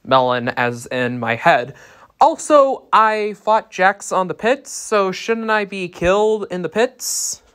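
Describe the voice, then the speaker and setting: A reviewer voicing a resentful male henchman fighter, deadpan and complaining. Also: medium pitch, slow, clean tone, pitched above the performer's own voice.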